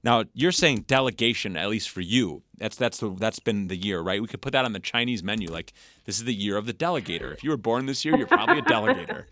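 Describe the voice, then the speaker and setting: A middle-aged man hosting a casual interview, animated and jokey, laughing often. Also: lowish voice, fast, no room sound. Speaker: podcast host.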